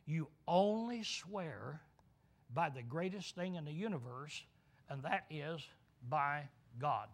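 Slow, high-voiced male preacher. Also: a bit bright. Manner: asks questions and answers them himself. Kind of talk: sermon.

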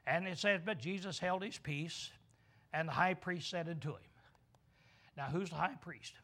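A man's voice: fairly high pitch, moderate pace, a bit bright. A man preaching a sermon, asking questions and answering them himself, drawling key words for emphasis.

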